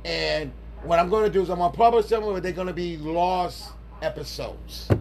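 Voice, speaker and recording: Brief: male podcast co-host and audio guy, high voice, playful banter. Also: moderate pace, creaky, darkish tone. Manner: joking banter. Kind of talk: casual chat.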